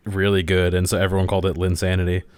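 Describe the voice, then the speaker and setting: A podcast co-host chats casually, teasing their friend with a dry sense of humor. The voice sits very low. It is recorded close in a dead, dry room. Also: monotone, quick pace, darkish tone, smooth, no room sound. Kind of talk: casual chat.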